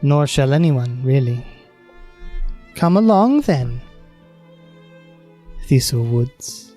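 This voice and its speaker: A man voicing a towering, long-fingered fey woman who speaks with calm, slow menace in a tabletop game. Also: medium pitch, soft background music. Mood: coolly dismissive. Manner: calm, measured, slow drawn-out threats. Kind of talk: tabletop game role-play.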